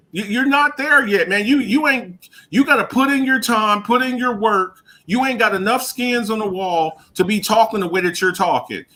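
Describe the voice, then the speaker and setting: A man's voice: high voice, pushed and bright. A man co-hosting a radio show, talking sports in a casual, emphatic way, often repeating himself and laughing.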